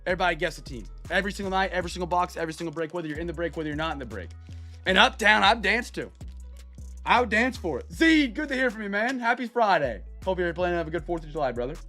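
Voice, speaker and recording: A man's voice: sits high, animated, rapid-fire, bright, forceful tone, faint music behind. A young man hosting a live card break stream, chatting upbeat with viewers, greeting them by name and stretching out hype calls.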